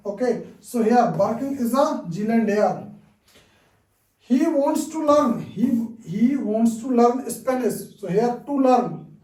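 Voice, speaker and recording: A man teaching a lesson, repeating each example sentence slowly and often checking in with "okay?". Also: very high voice, warm tone. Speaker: English teacher. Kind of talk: online language lesson. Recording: roomy, distant from the mic.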